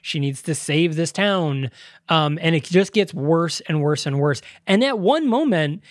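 A podcast co-host in casual movie review chat, animated, swearing freely and laughing often. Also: mid-range voice, measured pace, no echo, studio quality.

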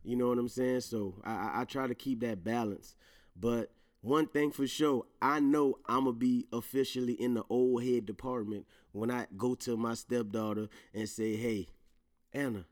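A man's voice: medium pitch, fairly even intonation, normal speed, a little mellow. Profane laughing man ranting as host. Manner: profane, laughing, emphatic rants; slang-heavy, addresses listeners directly. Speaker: podcast host. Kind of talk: casual solo commentary.

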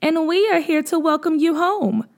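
A woman voicing the girls of an island tribe, speaking softly, slowly and reassuringly. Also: very high-pitched, pitched above the performer's own voice.

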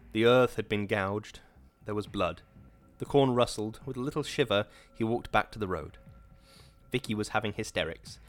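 Low-voiced male audiobook narrator. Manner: measured, dramatic reading. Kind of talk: scripted narration.

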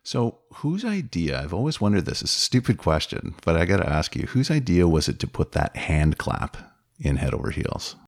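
A man's voice: sits low, big pitch swings, normal speed, dry recording, clean studio sound. A man hosting a music podcast, reacting with enthusiasm and laughing easily while introducing clips and asking questions. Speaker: podcast host. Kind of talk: casual interview chat.

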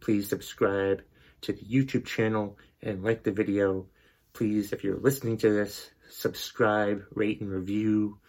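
A man's voice: fairly low pitch, flat delivery, a little slow, a little mellow. A male podcast host delivering an exasperated, profanity-heavy rant. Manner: angry, exasperated, heavy swearing.

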